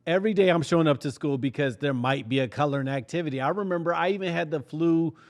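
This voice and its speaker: Podcast host guy, kinda high and gravelly, animated storytelling, laughs a lot. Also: fast talker. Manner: animated, laughs often, acts out quotes. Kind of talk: comedic storytelling.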